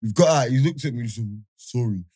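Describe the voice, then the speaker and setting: A man, telling a story in casual podcast chat, animated and full of laughter and slang. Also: medium pitch, fast, heavy background noise. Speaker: podcast host.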